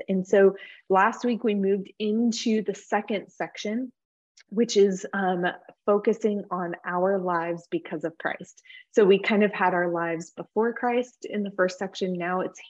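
Woman, Bible study teacher, conversational, frequent ums, mid pitch, dull lo-fi recording. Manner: relaxed, frequent filler words. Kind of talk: conversational teaching with scripture reading.

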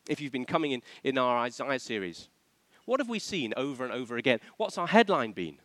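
A man's voice: medium pitch, big pitch swings, brisk, fairly bright tone, no echo. A man preaching a sermon, asking the congregation questions and acting out the voices he quotes.

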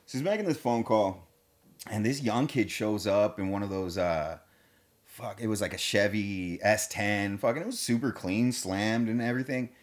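A man with a fairly low voice tells a long story in a relaxed conversation. He is slangy and laid-back, swears constantly, and keeps calling his listeners dude and man. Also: moderate pace. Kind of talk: casual storytelling.

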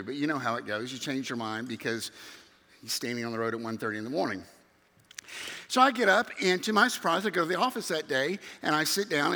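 A man's voice: a little high, bright, forceful tone. A middle-aged man tells a sermon story as a youth minister, acting out other people's voices. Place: church sanctuary. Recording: reverberant hall.

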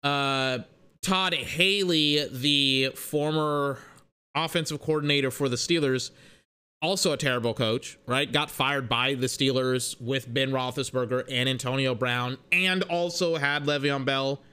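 A man's voice: medium pitch, measured pace, bright, forceful tone, smooth. Rambling, profane young man ranting on sports. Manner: rambling, profane, self-correcting. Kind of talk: casual sports rant.

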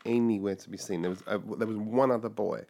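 A man in his sixties from England, telling his life story in a lively conversational way and acting out the voices of people he remembers. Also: on the low side, fast talker, gravelly.

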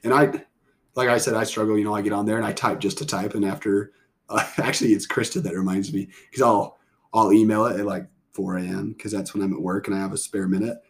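A man's voice: fairly low pitch, flat delivery, fast talker. A man hosting a family podcast, chatting casually and rambling with lots of fillers. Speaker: podcast host. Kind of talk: casual chat.

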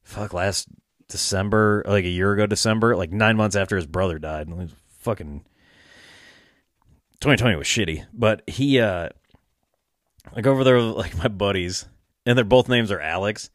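A man's voice: on the low side, moderate pace, long pauses, no echo, studio quality. A young man telling a long, rambling story in casual chat, with lots of fillers and swearing, often breaking into laughter.

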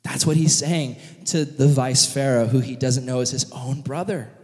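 A man preaching a sermon, retelling a story in an animated, vivid way. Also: medium pitch, normal speed. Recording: long reverb of a large hall.

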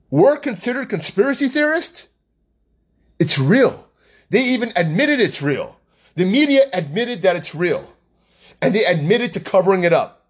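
Heated male ranter, pitch high, delivery swings wildly. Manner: agitated, ranting, repeats himself. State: angry. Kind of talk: heated political rant.

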